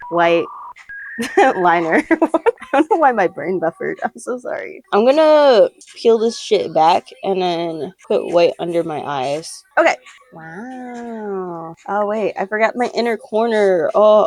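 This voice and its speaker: With a low-ish, slightly mellow voice, this young makeup vlogger talks to the camera from home during a tutorial. She rambles in a casual way, giggling and tossing out the odd swear word.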